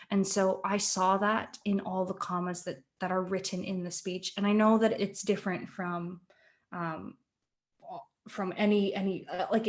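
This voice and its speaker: A young adult woman, a guest actor, chatting in a webinar about her process, thoughtful and halting with many fillers and restarts, heard over a video call. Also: medium pitch, darkish tone. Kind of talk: casual webinar chat.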